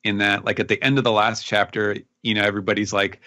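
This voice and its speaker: Low-voiced man rambling through a recap. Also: level tone, fast, hardly any pauses, sharp tone. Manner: rambling, filler-heavy, hesitant. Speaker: podcast panelist. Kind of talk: casual recap.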